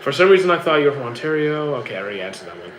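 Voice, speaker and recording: A man's voice: mid-range voice, sing-song, rapid-fire, a little hiss or hum, rough recording. A young man from Canada, a streamer casually answering chat questions in an easygoing, rambling way with many restarts.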